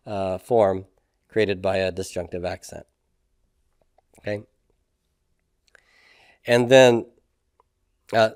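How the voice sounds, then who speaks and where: A man's voice: medium pitch, no echo, clean studio sound. A man teaching a classroom lesson on grammar, explaining step by step and often checking in with "okay?" and "right?". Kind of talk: classroom lecture.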